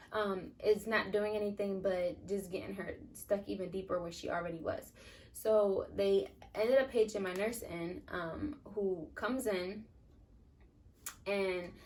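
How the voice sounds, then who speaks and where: A woman's voice: medium pitch, slow, a little mellow. A young woman telling a personal story in a casual, rambling way, full of fillers. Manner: chatty, rambling with many "like" and "um" fillers. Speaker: vlogger. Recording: voice a bit distant from the mic.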